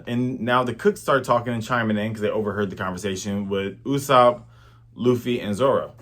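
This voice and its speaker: A man casually recapping a manga chapter, retelling it with lively energy and acting out the characters. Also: on the low side, fairly quick. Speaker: manga reviewer.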